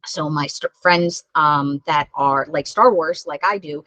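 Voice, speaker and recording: A woman teaching children a mindful breathing lesson, gentle and encouraging, laughing at herself when it goes wrong. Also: low voice, measured pace, no room sound, poor audio. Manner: gentle, encouraging, self-deprecating. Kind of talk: guided breathing lesson for kids.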